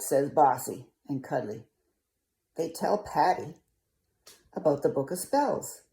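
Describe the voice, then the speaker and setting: A woman's voice: rumbling low, sing-song, takes it slowly, vocal fry, dark tone. An older woman reading a picture book aloud to children, coaxing and asking the listener questions. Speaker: storyteller.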